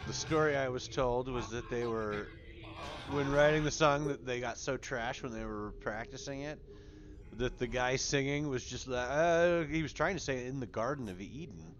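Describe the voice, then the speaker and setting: A man's voice: medium pitch, moderate pace, lo-fi sound, over music. A man playing in a tabletop game, telling a story and laughing easily. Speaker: player. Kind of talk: casual chat.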